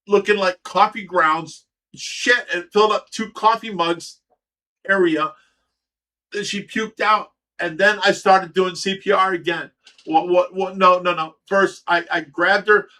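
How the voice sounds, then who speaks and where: A middle-aged livestream host from Ohio, USA, tells a story casually in a high, sharp-toned voice. He swears freely and stammers over repeated words.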